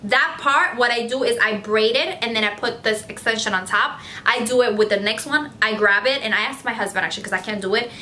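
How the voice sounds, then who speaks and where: High bright effusive woman vlogger. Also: fairly quick, hardly any pauses, a little hiss or hum. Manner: effusive and gushing, repeats herself. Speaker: beauty vlogger answering fan questions. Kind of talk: casual chat to camera.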